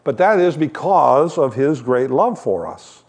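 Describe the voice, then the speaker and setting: A man's voice: mid-range voice, sing-song, unhurried, darkish tone. An older man giving a sermon as a guest preacher, talking in a conversational way with joking asides while he shows shepherd props.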